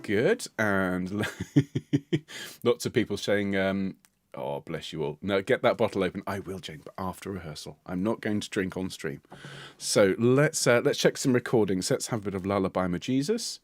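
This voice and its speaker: A man's voice: sits low, lively intonation, normal speed. Jovial British man chatting on a livestream. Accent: British English. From United Kingdom. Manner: jovial, playful, laughs often. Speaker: choir leader hosting a livestream.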